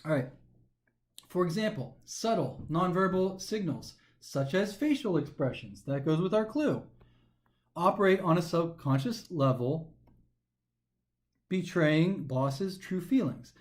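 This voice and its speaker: A male test prep instructor with a slightly high voice explains test questions at a moderate pace. He reads passages aloud and then thinks them through in an animated way.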